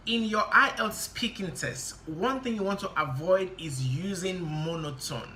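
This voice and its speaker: A tutor giving a spoken lesson with a bright, forward tone, pressing on key words and moving through the advice one point at a time. The voice rings in a roomy, echoey space with a faint hum of background noise. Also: mid-range voice. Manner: deliberate, stresses key words, gives step-by-step tips. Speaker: exam-prep tutor. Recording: roomy echo.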